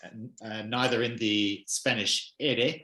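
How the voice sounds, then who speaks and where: A man's voice: medium pitch, steady tone, takes it slowly, pushed and bright, roomy sound. A man from Melbourne with an Australian accent, co-hosting a casual chat with wry explanations. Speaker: podcast co-host. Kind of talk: casual conversation.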